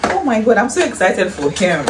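A woman with a Nigerian accent chatting in a casual haul vlog, excitable and gushing, breaking into shrieks and breathy exclamations. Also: medium pitch, moderate pace. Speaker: vlogger. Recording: echoey room, distant mic, faint hiss.

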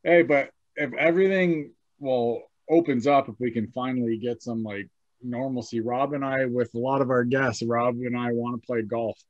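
A man's voice: mid-range voice, fairly even intonation, normal speed, dry recording, dull audio. A male podcast host chatting casually, laughing easily and swearing offhandedly. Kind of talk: casual chat.

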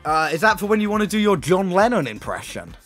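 A young man streams from home, his voice leaping up and down as he jokes and swears with his chat. He sounds excitable and mocking, with quiet music under his speech. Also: high-pitched, quick pace. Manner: teasing, excitable, swears and laughs often. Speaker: livestreamer. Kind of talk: casual live-stream commentary.

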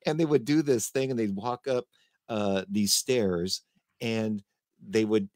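A man hosting a casual conversation, talking in a halting way and often restarting his sentences. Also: fairly low pitch, darkish tone, dry recording, clean studio sound. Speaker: host.

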